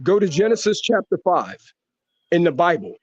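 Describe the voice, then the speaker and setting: Male caller in a heated debate, fairly high voice, keeps repeating himself, dull lo-fi call sound. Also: sing-song, normal speed, darkish tone, slightly rough. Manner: insistent, repeats himself to hold the floor.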